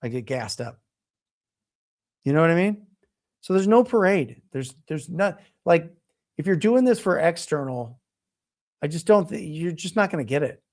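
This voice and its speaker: A middle-aged man talks in a casual motivational way, animated and emphatic, hammering his points home by repeating them. His voice sits a little higher than most men's. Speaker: real estate coach and show host.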